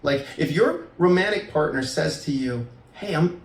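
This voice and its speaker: A man's voice: fairly high pitch, normal speed, creaky, distant mic. A middle-aged man, a divorce lawyer, giving relationship advice in casual podcast talk and acting out the voices in his stories. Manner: animated storyteller, acts out quoted voices. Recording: roomy sound, voice a bit off mic.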